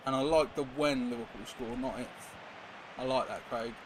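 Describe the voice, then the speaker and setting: This young man has a mid-range voice and talks at a moderate pace while streaming a football game. He chats casually and rambles, reacting to viewers and the play, over a noisy background hiss.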